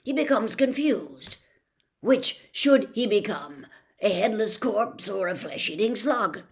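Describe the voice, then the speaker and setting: A woman's voice: mid-range voice, expressive, slow pace. A woman reading the part of a kind, patient middle-aged male teacher in a storybook. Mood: patient, kindly. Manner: gentle, patient, encouraging.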